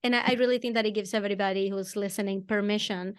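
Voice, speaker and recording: A woman hosting a podcast interview, asking questions at a slow, deliberate pace. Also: medium pitch, steady tone, clear, resonant tone. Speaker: podcast host. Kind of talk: conversational interview.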